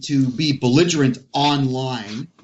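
Male talk host, mid-pitched, emphatic ranting delivery, dull lo-fi audio. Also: a little slow, slight background noise. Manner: emphatic, ranting, addresses listeners directly. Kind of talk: casual political talk.

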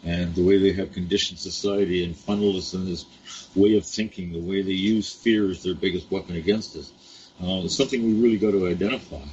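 A man's voice: deep voice, fairly even intonation, fast, a little mellow, highs cut off, slight background noise. A man co-hosting a podcast, talking in an easygoing, folksy and encouraging way. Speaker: co-host. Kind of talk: casual podcast talk.

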